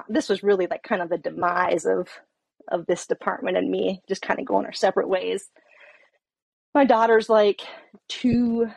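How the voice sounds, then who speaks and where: A middle-aged woman who is a police officer tells a story in casual conversation, her mid-range voice captured in a dry recording. She swears freely and is animated, acting out heated quotes.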